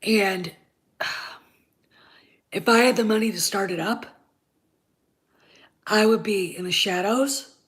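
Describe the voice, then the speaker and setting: A woman's voice: mid-range voice, takes it slowly, long pauses, fairly bright tone. A woman hosting her own channel, giving blunt, profane, heated opinion commentary with a congested voice while getting over covid. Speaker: channel host.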